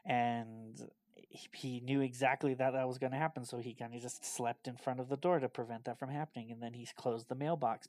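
A man co-hosting a casual podcast, retelling things in a rambling, animated way and filling his talk with "like". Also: mid-range voice, dry recording. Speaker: podcast co-host.

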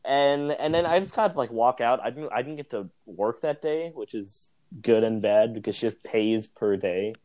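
A man's voice: medium pitch, animated, normal speed, few pauses, darkish tone. Rambling young man telling a story. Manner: rambling, self-amused, lots of fillers. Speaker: podcast co-host. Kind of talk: casual storytelling.

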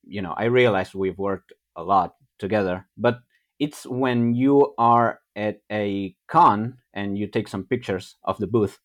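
A man's voice: lowish voice, measured pace. A man talking as a guest on a podcast, hesitant, with many restarts and frequent laughter. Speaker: guest artist. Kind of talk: casual podcast interview.

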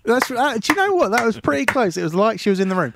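A man's voice: very high-pitched, big pitch swings, fast, vocal fry, background noise. A man presenting a radio show, chatting casually and teasing his co-host. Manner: teasing, jokey banter. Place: radio studio.

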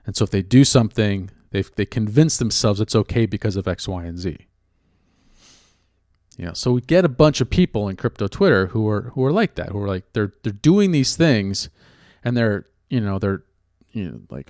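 Man podcast host, low voice, dry close sound, thoughtful and self-correcting. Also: expressive, a little mellow, no room sound. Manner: reflective, measured, often rephrasing himself. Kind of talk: casual spoken commentary.

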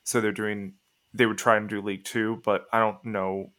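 Low-voiced man musing on a podcast. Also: flat delivery, normal speed, fairly bright tone. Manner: hesitant, restarts while reasoning aloud. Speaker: podcast co-host. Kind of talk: casual podcast banter.

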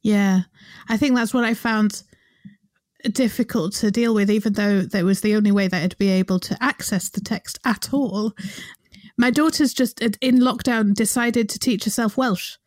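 A woman's voice: mid-range voice, steady tone, normal speed, darkish tone, no room sound, clean studio sound. A woman talking casually in a conversation, chatty and loose, with fillers and restarts.

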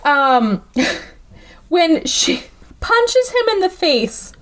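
A woman's voice: extremely high pitch, extremely slow, slight background noise. A young woman hosting a casual comedic podcast, recapping a bad movie with sarcasm and plenty of swearing. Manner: animated, sarcastic, swears freely, acts out characters.

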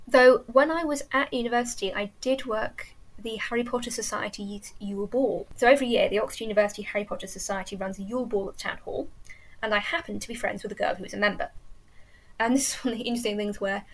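A woman's voice: mid-range voice, steady tone, fast talker. Chatty English woman, enthusiastic. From England. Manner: chatty, enthusiastic, restarts often. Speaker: interview guest, teacher. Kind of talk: casual chat.

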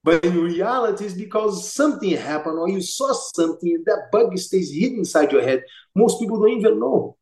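A man's voice: sits high, a little fast. A middle-aged man with a Brazilian accent, a martial arts master telling casual stories and acting out the voices of the people in them. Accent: Brazilian Portuguese. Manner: animated, acts out quoted voices. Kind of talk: casual storytelling. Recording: echoey room.

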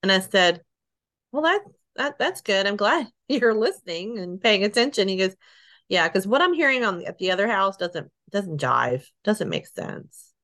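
A middle-aged woman being interviewed, telling her story haltingly, with restarts, soft laughs and sighs. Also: mid-range voice, big pitch swings. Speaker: interview guest.

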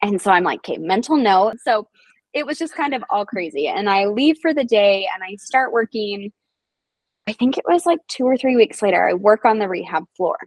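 A woman's voice: medium pitch, normal speed, no echo, poor audio. A young woman, a nursing assistant guest, telling stories casually and acting out the voices of people she quotes. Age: young adult. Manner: animated, acts out quoted voices. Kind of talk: casual storytelling.

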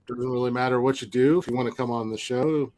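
Male podcast host, mid-pitched voice, loose and profane, rambling delivery. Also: fairly even intonation, quick pace, darkish tone. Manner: profane, rambling, laughs often. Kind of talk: casual podcast chat.

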